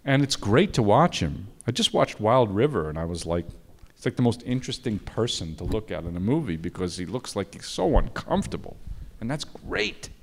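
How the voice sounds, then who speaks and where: Candid film director telling stories. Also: male voice, lowish voice, big pitch swings. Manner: anecdotal, self-deprecating, with halting restarts. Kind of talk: interview conversation.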